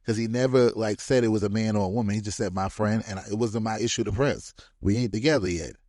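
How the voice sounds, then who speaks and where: A man casually telling a personal story as podcast host, animated and slangy, often laughing as he goes. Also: on the low side, fast talker, no room sound, studio quality.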